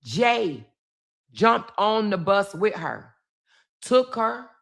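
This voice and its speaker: A woman's voice: medium pitch, big pitch swings, extremely slow, vocal fry, fairly bright tone. A middle-aged woman, telling a family story to her viewers in a casual, emphatic way, repeating phrases. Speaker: vlog host.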